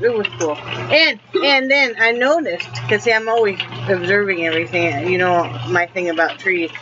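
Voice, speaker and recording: A woman, rambling folksy casual chat as a vlogger. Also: a little high. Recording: dull lo-fi home recording with loud noise.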